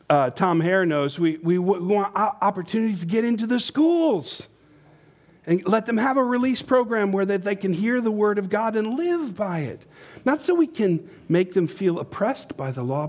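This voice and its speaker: A man preaching a sermon to his congregation, talking conversationally and working in a joke. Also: high voice. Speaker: pastor.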